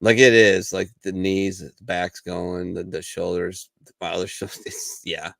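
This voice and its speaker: Gravelly, profane male veteran host. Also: low-pitched, little pitch movement, a little slow, a bit bright, dry recording. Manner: profane, storytelling, acts out quoted voices. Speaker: podcast host. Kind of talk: casual bar chat.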